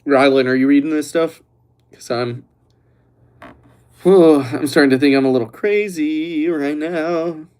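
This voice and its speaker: A young man hosting a livestream who chats loosely and teases the viewers while reading their comments aloud, relaxed after a few glasses of red wine. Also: a little high, measured pace, pauses often, clean tone. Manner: joking, teasing, reads chat aloud. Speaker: livestream host. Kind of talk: casual livestream chat.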